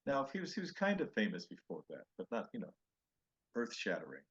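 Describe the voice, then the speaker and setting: A man's voice: fairly low pitch, wildly swooping pitch, fairly quick, a bit bright, breathy edge, dull audio. An older male comedian telling road stories in a podcast interview, acting out other people's lines in raised voices. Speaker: comedian guest.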